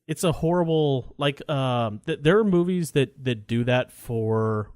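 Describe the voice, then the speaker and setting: A mid-pitched man in casual podcast banter, recorded dry and close. He rambles and restarts his sentences and swears freely as he talks films. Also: a little slow, a little mellow, smooth, dry recording. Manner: rambling, profane, many restarts. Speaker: podcast co-host. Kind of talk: casual movie chat.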